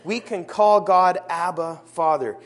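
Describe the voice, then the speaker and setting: A man preaching a sermon in a church service, earnest, slowing down to stress his key phrases. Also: sits high.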